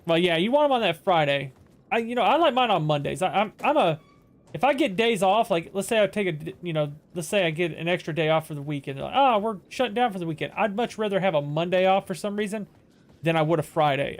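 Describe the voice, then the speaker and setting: A man with a rather high voice chats casually while he plays, the host of his own stream. He drifts from story to story and restarts sentences often, in an easygoing, rambling way. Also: animated, fast talker. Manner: rambling anecdotes with frequent restarts. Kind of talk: casual chat while gaming.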